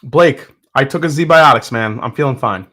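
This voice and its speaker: A man's voice: mid-range voice, moderate pace, sharp tone. A man hosting a casual livestream, chatting enthusiastically, reading viewer comments and thinking aloud. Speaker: host of a whiskey tasting livestream.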